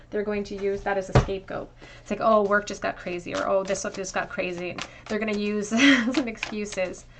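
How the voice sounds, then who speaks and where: A woman's voice: medium pitch, fairly bright tone. Woman giving a flowing tarot reading. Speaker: tarot reader. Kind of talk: pick-a-card tarot reading.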